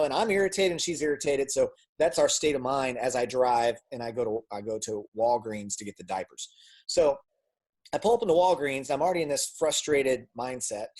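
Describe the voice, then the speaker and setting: Man telling a personal story. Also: mid-range voice. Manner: animated storytelling, acts out dialogue; repeats words when restarting. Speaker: guest speaker.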